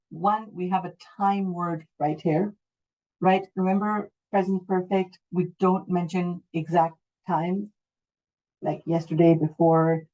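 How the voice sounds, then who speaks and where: A woman's voice: fairly low pitch, warm tone, dull audio. A middle-aged woman with a Canadian accent, teaching an online English class, explaining patiently and checking that students follow.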